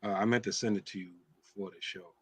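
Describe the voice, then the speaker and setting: A man hosting a casual talk show, telling teasing stories in an animated way. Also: low-pitched, fast talker, husky, no room sound. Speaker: show host.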